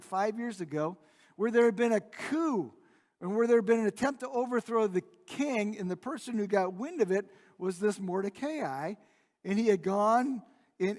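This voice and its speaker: A male pastor preaching a sermon, retelling a Bible story in a conversational way with frequent restarts. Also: high-pitched. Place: church sanctuary. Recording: long reverb of a church hall.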